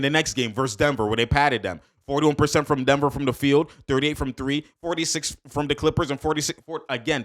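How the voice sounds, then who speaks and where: A sports commentator with a mid-range, slightly bright voice breaks down basketball in a casual, fired-up way. He piles on slang, repeats his points emphatically, and speaks directly to his viewers.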